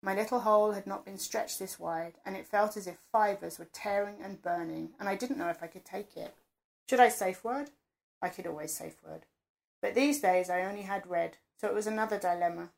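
A woman's voice: medium pitch, steady tone, a little fast, vocal fry. Woman reading an intimate first-person story. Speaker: narrator.

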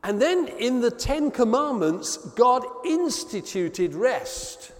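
A man preaching a sermon, telling a story with expressive delivery that drops soft and low on key words. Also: slow. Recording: long reverb of a hall.

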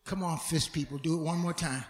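A man preaching a sermon as pastor, dramatic, swinging from loud shouts to hushed tones and stumbling over repeated words. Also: on the high side, fairly even intonation, fairly quick, roomy sound.

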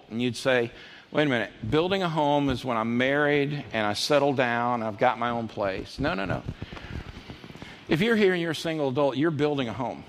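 A man in his fifties preaching a sermon, telling folksy personal stories and jumping into high voices when he quotes people. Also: slight background noise. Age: 50s. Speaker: pastor. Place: church auditorium. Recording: reverberant church hall with faint ambience.

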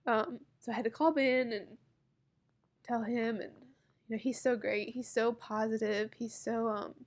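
Emotional woman vlogger, slightly high voice. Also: fairly even intonation. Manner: halting, heartfelt, many pauses and fillers. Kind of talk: personal story told to camera.

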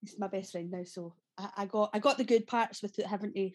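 A woman's voice: medium pitch, fairly even intonation, a little fast, darkish tone. A Scottish woman in her thirties with a Glaswegian accent, an actress telling stories in a casual podcast interview, chatty, laughing often and swearing freely. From Scotland. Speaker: guest actress.

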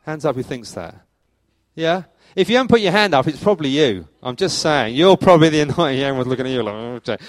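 A middle-aged man preaching a sermon as church leader, telling stories in a lively way with sudden rises in pitch and loudness. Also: quick pace, dry recording. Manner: animated storytelling, acts out anecdotes with jumps in pitch and volume. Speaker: pastor.

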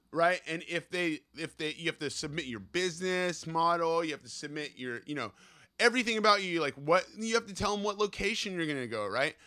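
A man hosting a podcast, ranting in a loose, profane monologue. His voice sits a little high and sounds bright and forceful. He keeps checking in with his listeners as he talks. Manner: profane, animated, keeps asking "right?". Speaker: podcast host.

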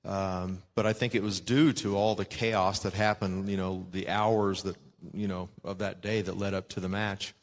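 A man, a wrestler being interviewed, recalling past events in a measured, hesitant way. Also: low-pitched, flat delivery, big-room sound. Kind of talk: reflective recollection.

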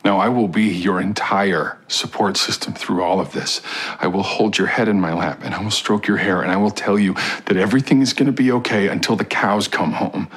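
An actor playing a devoted husband grieving a lost pregnancy, earnest and pleading in a TV drama scene. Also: male voice, on the low side, a little fast, a bit bright, natural voice. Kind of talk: TV drama acting.

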